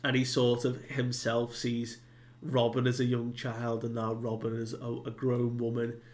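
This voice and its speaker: A man's voice: medium pitch, monotone, measured pace. A man giving a casual recap of a comic chapter, retelling it loosely with many fillers and asides. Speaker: manga reviewer.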